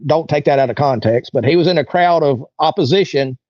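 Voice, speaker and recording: A man's voice: on the high side, a little fast, no room sound, muffled recording. Folksy man telling a story. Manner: rambling, folksy, lots of "you know" and "like". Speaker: interview guest. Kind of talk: casual storytelling.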